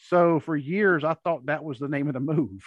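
A man's voice: a little high, moderate pace, dry recording, highs cut off. A man co-hosting a casual podcast, rambling and restarting as he talks through an old match. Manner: rambling, with frequent restarts and laughs. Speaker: podcast co-host. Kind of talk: casual watch-along chat.

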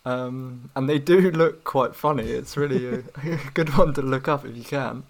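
Male co-host of medium pitch, easygoing and hedging in a book chat. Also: normal speed, noisy background. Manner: relaxed, hedging with "sort of". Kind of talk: casual book discussion.

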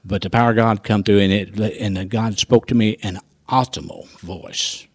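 A man telling a personal faith testimony in a folksy, animated storytelling manner. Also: on the low side, normal speed, breathy edge, no echo. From rural farming background. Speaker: guest sharing testimony.

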